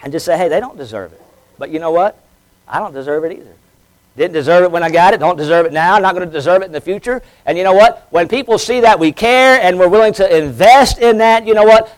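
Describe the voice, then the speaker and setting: High-pitched preaching man, rising and falling. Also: lively intonation, brisk, poor audio. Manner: impassioned preaching, rising loud on scripture, dropping low on key words; repeats words and fillers. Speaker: pastor. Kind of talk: sermon. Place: church.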